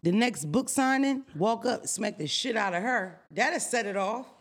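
A woman's voice: fairly high pitch, lively intonation, moderate pace. A woman hosting a podcast, ranting brashly and comically with lots of swearing. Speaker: podcast host. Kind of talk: casual podcast chat.

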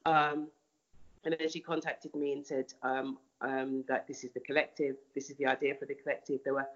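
A woman's voice: a bass voice, flat delivery, a little fast, lo-fi sound. A woman artist answering interview questions thoughtfully, often restarting and repeating words.

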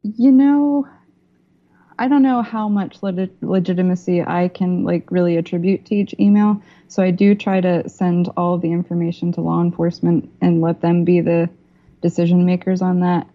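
A woman filmmaker, a podcast guest talking over a video call in a measured, thoughtful way. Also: lowish voice, steady tone. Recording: lo-fi call audio.

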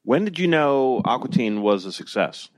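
A man's voice: medium pitch, very animated, moderate pace, no room sound. A man hosting a casual interview, asking questions and adding dry, brief interjections. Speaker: podcast host.

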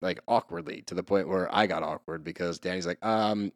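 A man's voice: low-pitched, steady tone, a little fast, no echo, clean studio sound. A man co-hosting a podcast, retelling scenes in an easygoing, amused way. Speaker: podcast co-host. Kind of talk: casual chat.

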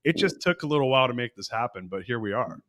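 A man's voice: medium pitch, expressive, fast talker, a bit bright, no echo, clean studio sound. A man in his forties hosting a podcast interview, enthusiastic and chatty. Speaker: podcast host.

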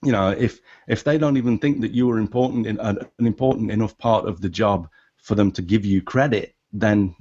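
Halting, animated man on lo-fi audio. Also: on the low side, husky. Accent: non-American English. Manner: animated, halting with many restarts. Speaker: podcast guest. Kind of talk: casual podcast discussion.

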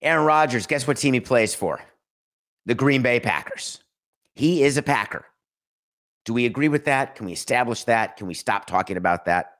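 A man's voice: mid-range voice, animated, moderate pace, a bit bright. A man hosting his own podcast, talking emphatically in a solo monologue, full of sarcasm and rhetorical questions. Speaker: podcast host.

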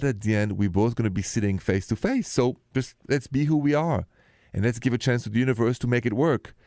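A man's voice: on the low side, darkish tone, no room sound, clean studio sound. A man, hosting a late-night radio call-in show and confiding about his own dating life. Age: 50s. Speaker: radio host.

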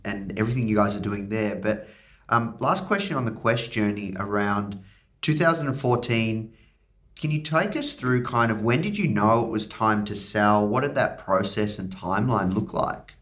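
A man's voice: on the low side, normal speed, a bit bright. A man hosting a podcast, reading a promo and asking questions in an upbeat, conversational way. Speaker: podcast host. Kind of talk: interview host and ad read.

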